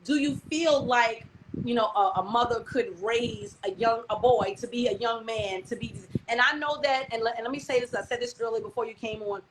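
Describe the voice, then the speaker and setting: A woman's voice: fairly high pitch, brisk. A woman hosting a live-stream talk show, chatting candidly and freely with plenty of "um" and "you know". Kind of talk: casual live-stream chat. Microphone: computer mic on a live video stream. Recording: noisy stream audio.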